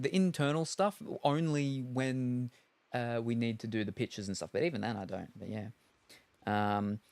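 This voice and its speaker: A woman's voice: very deep voice, dry recording. A woman streaming a cozy video game, chatting in a wry, rambling way as she plays. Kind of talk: casual gameplay chat.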